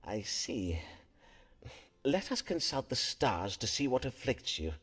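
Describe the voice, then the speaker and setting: An actor playing a courteous Elizabethan doctor-astrologer in a video game, speaking in formal, archaic phrases with polite tact. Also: male voice, mid-range voice, very animated, slow pace, fairly bright tone, slightly rough, full character voice.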